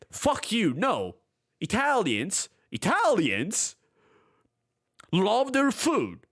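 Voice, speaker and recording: Heated young man ranting, pitch swooping. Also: a bit bright. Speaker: streamer. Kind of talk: reading and reacting to forum posts on a livestream. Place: room at home.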